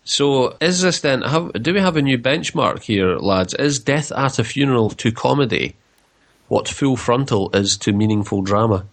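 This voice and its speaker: A man's voice: medium pitch, lively intonation, moderate pace. A man hosting a radio film review, asking wry questions. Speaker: radio show host.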